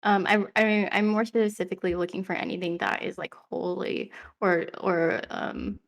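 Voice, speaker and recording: A woman's voice: mid-range voice, fairly even intonation, normal speed, creaky. A woman playing in a casual tabletop game, speaking in a plain, matter-of-fact way. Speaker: player. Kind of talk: casual tabletop role-play.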